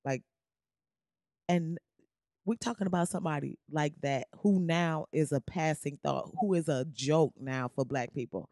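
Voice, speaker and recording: Young woman podcast host, loose comedic rant, slangy and animated, dry close mic. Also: low-pitched, a little slow, dry recording. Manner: animated, slangy, beatboxes and riffs.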